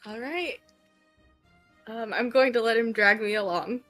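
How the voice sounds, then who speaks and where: A woman playing in a tabletop role-play game, with many pauses and ums. Her voice is slightly high and she speaks slowly. Soft music plays behind her. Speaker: player.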